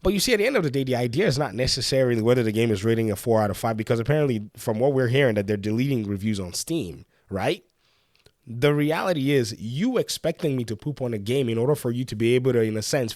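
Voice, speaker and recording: A man's voice: medium pitch, a little mellow, no room sound, clean studio sound. A man with a cold and a congested voice, giving casual gaming commentary and defending his stance against a viewer's comment. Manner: defensive, argumentative, addresses a commenter directly.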